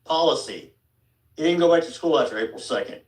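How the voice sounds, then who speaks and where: A man's voice: animated, brisk. Angry father, echoey and distant. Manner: bitter, accusing, low and heavy delivery. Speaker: father addressing a school board. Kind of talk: angry public speech. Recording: echoey room picked up from a distance.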